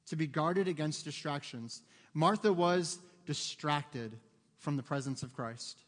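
A man's voice: on the high side, big-room sound. A man in his thirties, a pastor giving a sermon, joking about himself and acting out his own and other people's lines. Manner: humorous, self-mocking storytelling with acted-out quotes. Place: church sanctuary.

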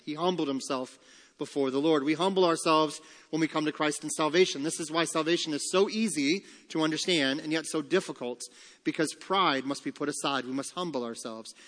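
Male pastor, emphatic sermon delivery, slightly high voice, live church reverb. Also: a bit bright. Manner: emphatic preaching, slowing and rising on key phrases. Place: church sanctuary. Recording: long church hall reverb.

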